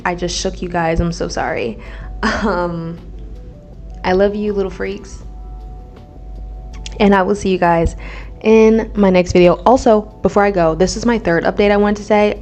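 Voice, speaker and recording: A woman's voice: lowish voice, a little mellow. A woman in her twenties from the American Midwest, hosting a casual solo podcast vlog, chatty and blunt, swearing freely and checking in with "okay?". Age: 20s. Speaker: podcast host.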